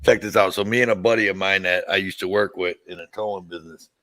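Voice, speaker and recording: A man's voice: low voice, fairly even intonation, fast, a bit bright, dry recording, poor audio. Guy from tennessee rambling thru stories, cussing a lot, dry close mic. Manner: rambling, profane, laughs at his own stories. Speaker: podcast host. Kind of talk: casual storytelling chat.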